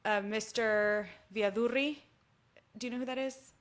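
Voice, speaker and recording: A woman, chatting casually as a musician guest and telling a story with lively acted-out dialogue. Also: on the high side, unhurried. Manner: animated storytelling, acts out quoted dialogue. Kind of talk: casual chat.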